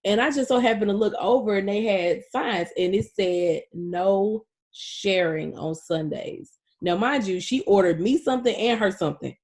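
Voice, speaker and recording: Young adult woman, podcast co-host, casual chat, swears a lot, animated storyteller. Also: medium pitch, a little fast, few pauses.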